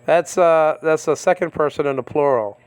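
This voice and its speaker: A man teaching a casual verse-by-verse lesson on biblical Greek and Hebrew, halting often with fillers and checking in with "okay?". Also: a little high, clean tone. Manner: halting, many fillers and repeated okays. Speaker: Bible teacher. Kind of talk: informal verse-by-verse language lesson.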